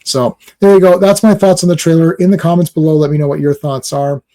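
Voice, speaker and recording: A man's voice: on the high side, little pitch movement, fast, warm tone. A man giving casual reaction commentary on a movie trailer, rambling and exasperated with lots of fillers.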